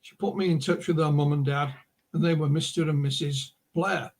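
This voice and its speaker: With a slightly high voice, fairly even intonation, and a moderate pace, a middle-aged author-publisher guests on a casual interview via remote call. He's a rambling storyteller, his anecdotes packed with asides.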